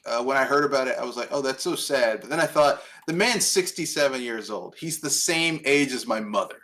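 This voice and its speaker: An animated male podcast co-host with a lively, swooping delivery. His voice is bright and forceful, and he swears freely and laughs a lot in casual chat. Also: medium pitch, a little fast.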